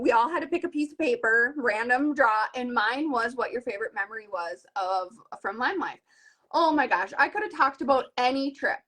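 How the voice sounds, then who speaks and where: Woman, 30s, high voice, sales team leader; earnest, animated storyteller. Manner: earnest and animated, retells conversations in lively voices. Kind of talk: live video conversation.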